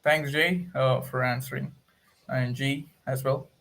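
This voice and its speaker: A man's voice: medium pitch, fairly even intonation, measured pace, creaky, a bit bright. A man moderating a community call, thanking speakers and reading out user questions.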